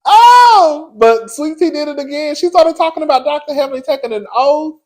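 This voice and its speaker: A man giving casual commentary on a reality show, sassy and frank, laughing often, with big swoops in pitch. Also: lively intonation, moderate pace, few pauses, darkish tone. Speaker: reality TV reviewer.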